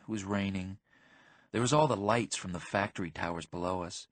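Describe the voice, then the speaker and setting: A man narrating an audiobook in the first person, with casual teen slang and a flat, deadpan delivery. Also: low voice, brisk, dry recording.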